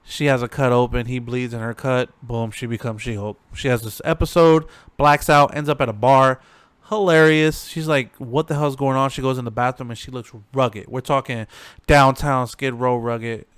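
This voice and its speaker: Chill guy talking thru a show recap, slangy, smooth voice, dry room. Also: mid-range voice, steady tone, normal speed, fairly bright tone, no echo. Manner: slangy, loose, full of fillers. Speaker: reaction video host.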